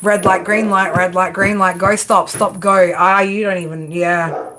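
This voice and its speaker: A woman's voice: mid-range voice, flat delivery, unhurried, noisy background. A woman giving a live tarot reading in a brash, chatty way, swearing freely and calling her viewer girl and baby. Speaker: tarot reader.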